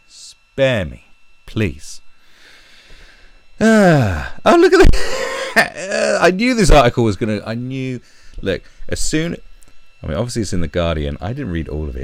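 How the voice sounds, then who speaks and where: A man's voice: lowish voice, gravelly, no room sound. A man ranting angrily in commentary, swearing and mocking. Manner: angry, sweary rant with mocking put-on voices.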